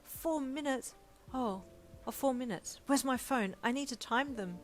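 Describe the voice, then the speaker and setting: A woman's voice: high-pitched, a little slow, faint music behind, voice pushed up. A woman voicing an anxious young male hero whose partner is in labour, asking worried questions.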